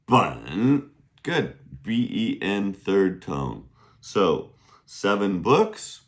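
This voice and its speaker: Male language teacher, deep voice, very unhurried delivery, playful and sing-songy in class. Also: big pitch swings. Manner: playful, hums and sings filler tunes between steps; slow, drawn-out pronunciation drills. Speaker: Chinese teacher.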